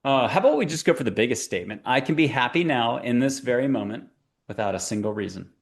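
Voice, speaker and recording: A man's voice: mid-range voice, expressive, fast. Man, mid-range voice, spiritual teacher guest in an interview; chatty and playful, jumps between tangents. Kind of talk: conversational interview talk.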